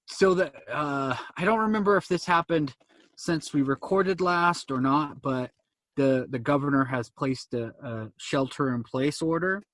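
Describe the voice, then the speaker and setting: A podcast co-host chatting casually, easygoing and halting, with fillers and repeated words. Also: male voice, fairly high pitch, a bit bright, no echo. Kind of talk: casual chat.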